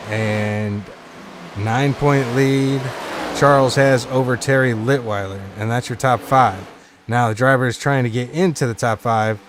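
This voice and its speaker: A man's voice: mid-range voice, steady tone, unhurried, background noise. A man commentating a live sim racing stream in a casual, chatty way, reading viewer chat aloud between points updates.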